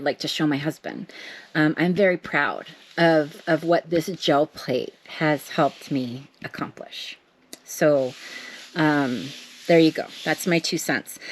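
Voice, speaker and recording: Chatty woman crafting. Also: sits low. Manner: chatty, self-deprecating, talks to herself while working. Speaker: craft vlogger. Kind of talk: casual chat while making art.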